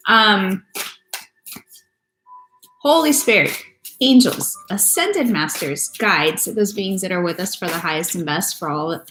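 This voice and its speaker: A woman's voice: medium pitch, animated, a little slow, long pauses, sharp tone. A woman giving a loose, chatty live-stream tarot reading, swearing casually and greeting viewers by name. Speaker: tarot reader. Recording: echoey room with faint noise.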